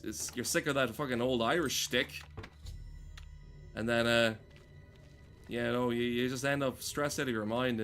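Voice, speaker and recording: A man's voice: medium pitch, fairly bright tone. A man rambles and jokes while he plays a game, swearing freely. His talk is casual, with asides to himself. Game music sits faintly behind him. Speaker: gaming streamer. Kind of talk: casual let's play commentary.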